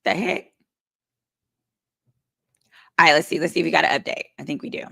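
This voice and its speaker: Sassy woman lawyer live-streaming, gravelly. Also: low-pitched, a little fast, a bit bright. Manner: chatty, sassy asides to the chat. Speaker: lawyer host of a live legal commentary stream. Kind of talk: live-stream commentary reading chat.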